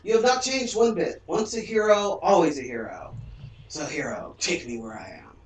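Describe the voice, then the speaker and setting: A man's voice: a little high, moderate pace, voice pushed up, close to an everyday voice. A man voicing an ancient wise spirit who speaks to a hero in a solemn, grand way. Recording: roomy, distant mic, faint room hum.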